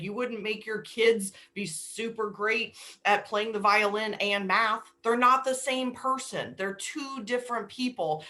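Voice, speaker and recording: Bright chatty woman presenter. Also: medium pitch. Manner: chatty, animated, frequent fillers. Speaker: webinar presenter. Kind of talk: casual webinar talk.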